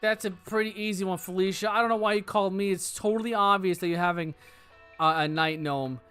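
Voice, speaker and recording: A man's voice: high-pitched, fairly quick, pushed and bright, soft background music. A man giving casual let's-play commentary, thinking aloud, hedging and joking as he works through cases. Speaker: game streamer.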